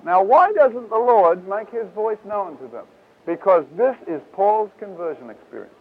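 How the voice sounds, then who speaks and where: A man teaching from the Bible in a casual, lively way, acting out the voices in the passages. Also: sits high. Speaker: preacher. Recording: tinny, lo-fi 1970s tape.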